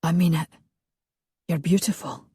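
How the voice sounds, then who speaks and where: A teasing, lustful Scottish laird , as a woman narrator puts him on, speaks in a low murmur. The voice is slow and husky, dark in tone, heard dry and close in a romance audiobook. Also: steady tone, dry recording. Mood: teasing, tender.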